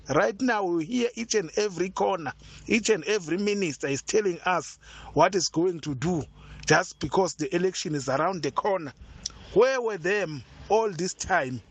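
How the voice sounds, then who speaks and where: A man leaving a voice note for a radio show, indignant and firing rhetorical questions. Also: high voice. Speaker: listener sending a voice note.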